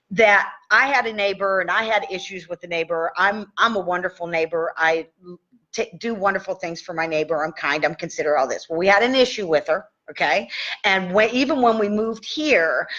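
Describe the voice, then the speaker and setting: A woman in her sixties coaching tapping in a casual live session, chatty and animated, checking in with listeners often. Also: lowish voice. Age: 60s. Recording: dull lo-fi live stream audio.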